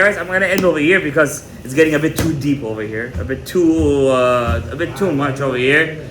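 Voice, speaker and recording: Man, rabbi, Torah class, emphatic, animated, Hebrew terms, higher voice, roomy echo. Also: slight background noise. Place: indoor room with a live audience. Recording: echoey room with faint ambience.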